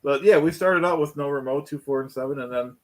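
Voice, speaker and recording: A man's voice: on the high side, fast talker. A man in his forties chatting casually as co-host, easygoing with short agreeing replies. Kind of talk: casual chat.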